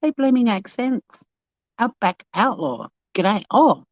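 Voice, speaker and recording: An Australian woman with a fairly high, very animated voice chats casually with her live-stream viewers at a beachside cafe, bubbly and talkative as she walks and talks to chat. She takes it slowly, and the recording is dry, with dull lo-fi phone audio.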